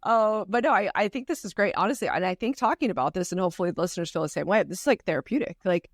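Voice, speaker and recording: A woman's voice: mid-range voice, animated, rapid-fire, dry recording. A woman co-hosting a podcast, talking bluntly and casually, with some swearing. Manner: blunt and swearing, laughs easily. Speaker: podcast co-host.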